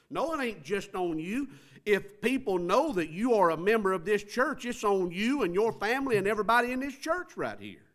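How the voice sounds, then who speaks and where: A man's voice: sits high, a bit bright. A male pastor, preaching a sermon in a church with rhetorical questions and rising emphasis. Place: church sanctuary.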